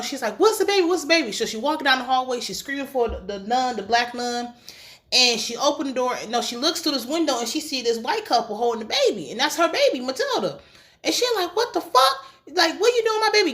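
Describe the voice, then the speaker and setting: A woman recapping a TV episode in a casual, slangy, chatty way, getting animated and emotional as she retells scenes. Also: medium pitch. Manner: casual slangy speech with swearing. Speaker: TV recap reviewer.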